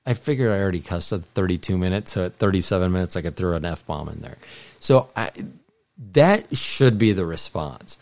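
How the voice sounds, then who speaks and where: A middle-aged man co-hosting a podcast delivers a casual, meandering monologue, often restarting and correcting himself. His voice is on the low side and animated, at a normal speed.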